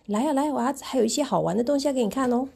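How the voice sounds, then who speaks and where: Woman reading as a cheery storybook elephant prankster, coaxing, raised pitch, husky edge. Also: rapid-fire, dark tone, full character voice. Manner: upbeat, coaxing. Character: playful clever male elephant, cheerful prankster.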